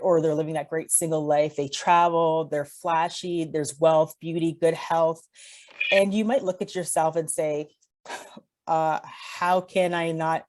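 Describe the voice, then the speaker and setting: Low, mellow-voiced woman giving a talk. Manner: earnest, personal storytelling. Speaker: mental health speaker. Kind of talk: presentation talk.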